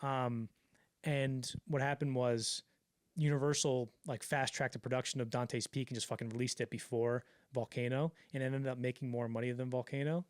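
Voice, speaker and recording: A man telling a story on a casual podcast, swearing freely and acting out the quotes in quick put-on voices. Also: medium pitch, flat delivery, no room sound, clean studio sound. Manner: fast, profane, acts out quotes in voices. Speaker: podcast co-host.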